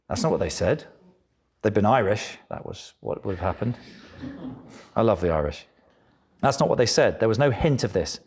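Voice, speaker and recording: A middle-aged man delivers a sermon in a lively, animated way, sometimes slipping into the voices of the people he describes. His voice sits low and has a husky, breathy edge. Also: fairly quick, pauses often. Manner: animated preaching, acts out voices of biblical figures. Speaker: preacher.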